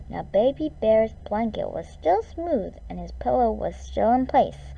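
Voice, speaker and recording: A woman reading a children's story aloud in an expressive, drawn-out way. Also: on the high side, gravelly, muffled recording.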